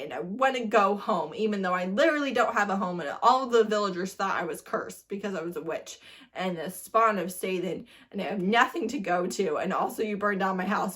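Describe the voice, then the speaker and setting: A woman's voice: medium pitch, a bit bright, lightly acted. A woman voicing a whiny, petulant young witch heroine who complains in long run-on sulks. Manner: sulky, complaining, run-on whining.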